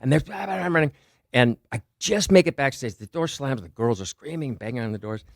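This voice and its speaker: A man's voice: medium pitch, expressive, fairly quick, creaky, no room sound, studio quality. A man in casual podcast chat, telling rambling stories and swearing freely.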